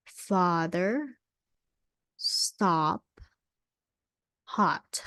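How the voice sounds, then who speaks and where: Slow, patient woman teaching vowel sounds. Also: on the low side, darkish tone, dry recording, studio quality. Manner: patient, repeats sounds, frequent "okay". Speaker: English pronunciation teacher. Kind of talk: slow phonics lesson.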